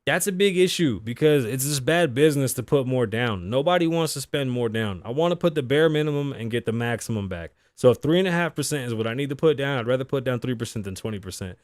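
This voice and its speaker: A man's voice: medium pitch, no room sound. A man hosting a casual talk show, reading news aloud and riffing on it bluntly with heavy swearing. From Las Vegas, Nevada (lives there). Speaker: podcast host.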